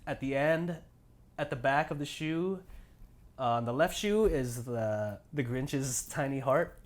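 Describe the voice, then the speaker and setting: A man's voice: mid-range voice, measured pace. A young man co-hosting a podcast, chatting casually and enthusiastically about shoes, with slangy phrasing and lots of restarts. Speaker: podcast co-host. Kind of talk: casual sneaker chat.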